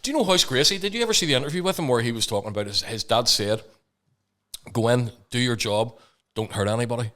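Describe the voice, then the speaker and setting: Fast-talking, sweary man. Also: medium pitch, animated, a bit bright. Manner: quick, sweary, chiming in with agreement. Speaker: podcast co-host. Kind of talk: casual chat.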